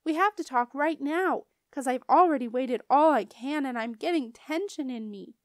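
A woman's voice: high voice, moderate pace, dry recording, studio quality, voice pushed up, close to an everyday voice. A woman voicing a bossy, chatty little kindergarten girl in a raised, eager voice. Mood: urgent.

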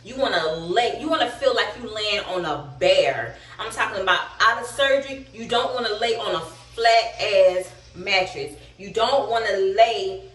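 A woman's voice: medium pitch, moderate pace, hardly any pauses, a bit bright. A young woman vlogging in a candid, slangy, chatty way, a little out of breath. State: slightly out of breath. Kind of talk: casual vlog storytelling. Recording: echoey room, distant mic.

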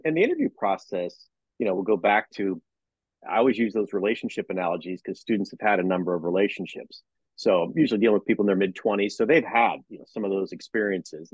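A man's voice: medium pitch, breathy edge, no echo, lo-fi sound. A man who teaches sports management and works as a broadcaster, speaking as an interview guest on a video call and acting out conversations with his students. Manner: animated storyteller who acts out dialogues with students. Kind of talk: casual interview talk.

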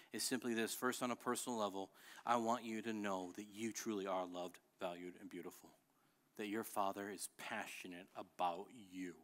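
A middle-aged male pastor preaching a sermon with passion, rising at times to shouting. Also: fairly low pitch. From Illinois. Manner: impassioned preaching that builds to shouting. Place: church sanctuary.

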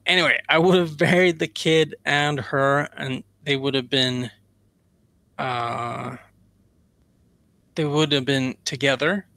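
A man's voice: medium pitch, steady tone, takes it slowly, pauses often, bright, forceful tone, no room sound. A man hosting a casual book discussion, rambling and joking as he goes. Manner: rambling, jokey, mimics voices. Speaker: podcast host, author.

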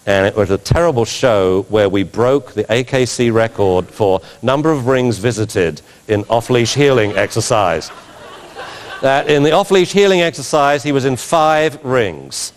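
A man giving an animated talk as a dog trainer, telling stories with laughter and mimicked sounds. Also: medium pitch, measured pace, big-room sound. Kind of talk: animated anecdotal lecture.

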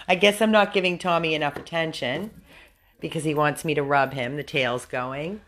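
An American woman with a somewhat low voice makes an earnest appeal on behalf of a rescue dog. She talks straight to viewers in a casual, heartfelt way, now and then slipping into coaxing talk aimed at the dog. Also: normal speed, a bit bright. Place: room at a dog rescue house.

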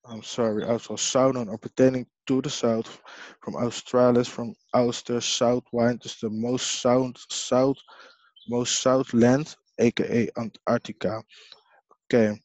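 A man from Haiti hosting a video, casually reading dictionary definitions aloud in a rambling, halting way with frequent apologies. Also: mid-range voice, level tone, darkish tone, no room sound. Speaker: video host. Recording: dull lo-fi sound.

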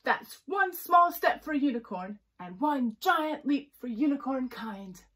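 Storybook grumpy male unicorn, loud and snappish, high husky voice, put on by a woman. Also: animated, measured pace, exaggerated voice. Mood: bossy. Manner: loud, snapping, self-important.

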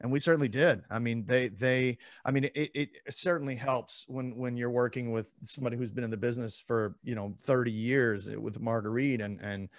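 A man's voice: mid-range voice, brisk, hardly any pauses, no room sound, clean studio sound. A man from East Texas, an actor in his thirties being interviewed, joking and self-deprecating with lots of restarts. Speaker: actor, guest. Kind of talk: casual interview.

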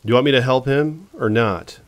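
A man's voice: mid-range voice, a little fast, pitched above the performer's own voice, natural voice. A man reading a curt woman doctor. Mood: brisk. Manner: curt, commanding. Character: brisk woman doctor, blunt and practical.

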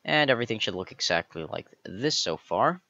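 A man's voice: fairly low pitch, very animated, brisk, pushed and bright, highs cut off. A man hosting a step-by-step game building tutorial, methodically counting each block aloud as he places it. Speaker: tutorial host.

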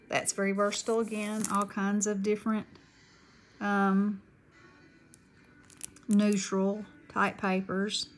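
Middle-aged Southern woman, unhurried, chatty craft vlogger, paper crinkling softly behind. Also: mid-range voice, a little hiss or hum, rough recording. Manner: chatty, gushing, Southern-friendly. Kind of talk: casual haul chat.

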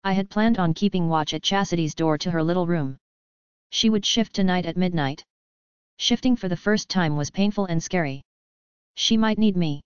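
Smooth low-voiced woman narrating an audiobook. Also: no echo, dull audio. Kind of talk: first-person audiobook narration.

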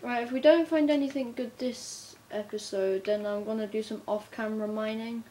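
A woman chatting casually as she narrates her gameplay, talking to herself and breaking into bursts of excitement. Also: a little high, moderate pace. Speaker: gamer narrating her play. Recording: faint background noise.

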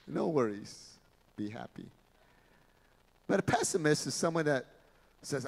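A male pastor preaches with animated storytelling, his voice a touch high for a man. The sound rings with the long reverb of a large church hall. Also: unhurried, pauses often. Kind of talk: sermon.

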